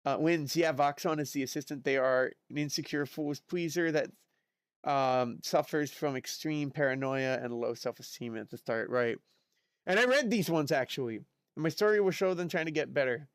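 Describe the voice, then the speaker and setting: A man streaming live, chatting casually and reacting excitedly to chat messages. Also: on the high side, moderate pace, clear, resonant tone, no echo, clean studio sound. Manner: chatty, excitable, lots of fillers and exclamations.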